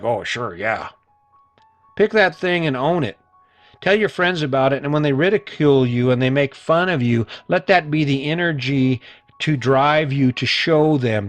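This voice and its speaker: A man's voice: medium pitch, no echo. A middle-aged man hosting a solo motivational podcast, talking earnestly and emphatically and repeating points for emphasis. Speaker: podcast host.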